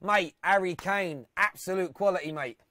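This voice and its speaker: A man's voice: high-pitched, moderate pace, pushed and bright. A man hosting a live football phone-in, chatting with callers and reading out fan comments and stats.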